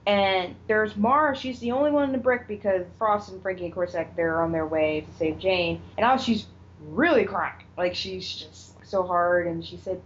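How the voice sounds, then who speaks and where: A woman's voice: mid-range voice, moderate pace, few pauses. A woman co-hosting a podcast, animatedly retelling a TV episode in casual chat and acting out the characters' lines. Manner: animated retelling, acts out quotes, swears. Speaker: podcast co-host. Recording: dull lo-fi audio with faint noise.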